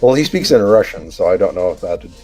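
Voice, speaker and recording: A man's voice: deep voice, sing-song. A man chatting casually on a livestream, joking and teasing his friends. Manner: joking, teasing, quick to laugh. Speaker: streamer. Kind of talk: casual group chat on a livestream. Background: faint background music.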